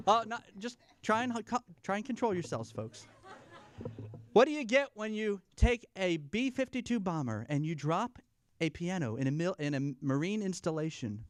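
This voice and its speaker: A man telling corny jokes and a long shaggy-dog story at a church family night, playful and self-deprecating, pausing for laughs. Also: high-pitched, big pitch swings. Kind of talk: stand-up style corny jokes. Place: church fellowship event, live.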